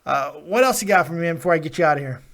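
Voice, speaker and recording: A man hosting a live wrestling review stream, talking in an excitable, rambling way and laughing often. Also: fairly high pitch, rapid-fire. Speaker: host of a wrestling review show.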